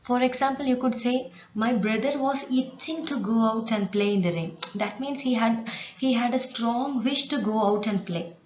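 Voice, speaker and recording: A woman's voice: a little high, normal speed, darkish tone. A woman teacher reading a story aloud and patiently explaining words to students with examples. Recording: echoey room, dull sound, faint hiss.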